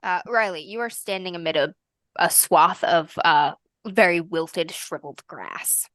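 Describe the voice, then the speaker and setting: A woman narrating a tabletop game as game master, descriptive and quick to laugh. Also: on the low side, fairly bright tone, no echo.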